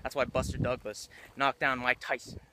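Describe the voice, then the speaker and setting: Emphatic man over loud outdoor noise. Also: medium pitch, flat delivery, moderate pace. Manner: emphatic, repeats phrases for effect. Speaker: motivational vlogger. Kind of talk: motivational monologue.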